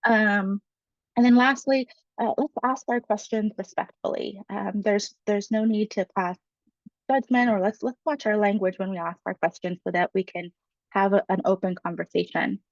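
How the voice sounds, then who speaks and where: A woman leads a webinar workshop in a friendly, conversational tone, with a touch of gravel in her voice. The sound is dry and a bit dull, like a computer mic on a video call. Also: medium pitch, steady tone, normal speed, no room sound. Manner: friendly, conversational, with frequent um fillers. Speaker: workshop facilitator. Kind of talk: webinar presentation.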